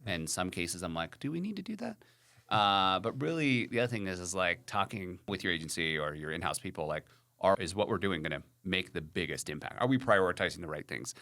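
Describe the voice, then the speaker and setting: A man's voice: low voice, fairly quick, hardly any pauses, pushed and bright. A man hosting a podcast in casual chat, frank and rambling, full of "like" and "you know".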